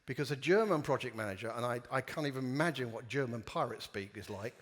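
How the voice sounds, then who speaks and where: A man's voice: mid-range voice, animated, quick pace, fairly bright tone, slight background noise. A man giving a playful, jokey conference talk and leading the audience in participation games. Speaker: conference speaker. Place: conference hall before a live audience. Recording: long hall reverb.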